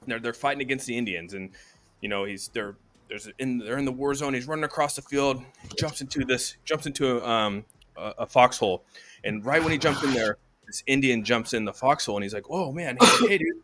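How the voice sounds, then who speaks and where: A man's voice: medium pitch, a little fast, a bit bright, a little hiss or hum. A man in his thirties and a father, co-hosting a casual show, telling a long rambling joke full of swearing. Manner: rambling storyteller, swears often. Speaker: podcast co-host. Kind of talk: casual chat.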